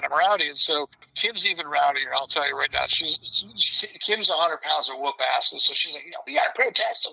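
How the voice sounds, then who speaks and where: Brash gravelly older man, lo-fi audio. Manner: brash, animated, mimics others in high voices. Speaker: podcast guest. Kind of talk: casual storytelling interview.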